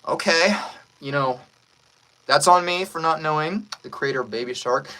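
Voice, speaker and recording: A man who is a voice actor, chatting casually on a live stream in an animated way and laughing often. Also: on the high side, moderate pace, poor audio.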